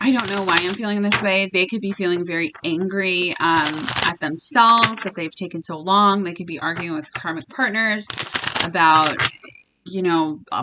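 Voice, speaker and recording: A woman's voice: medium pitch, noisy background. A young woman giving a casual spiritual card reading to her viewers. She talks bluntly and emphatically, swearing freely as she speaks straight to the listener. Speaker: tarot reader.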